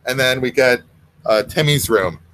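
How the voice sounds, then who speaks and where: A man's voice: mid-range voice, moderate pace, a bit bright, slight background noise, poor audio. A man reading his own short story aloud, breaking off for wry, self-mocking asides.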